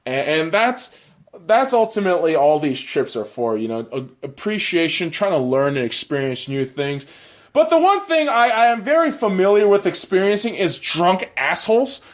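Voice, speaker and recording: A young man with a high-pitched voice tells a travel story on his own podcast. He talks casually and bluntly, and he swears constantly as he rants. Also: sing-song, moderate pace. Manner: profane, blunt, ranting. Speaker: podcast host.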